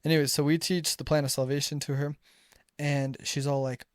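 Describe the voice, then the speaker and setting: A man's voice: medium pitch, level tone, brisk, no room sound, studio quality. Young man telling a chatty story. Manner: chatty, acts out dialogue, frequent restarts. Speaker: returned missionary storyteller. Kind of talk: casual personal storytelling.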